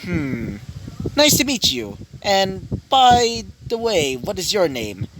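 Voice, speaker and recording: A carefree young fighter who greets strangers with easy friendliness, as a male storyteller puts him on. His voice is a touch high and bounces around. Background noise hangs over the recording. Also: big pitch swings, slow, exaggerated voice. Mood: easygoing. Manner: easygoing, friendly. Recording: noisy home recording.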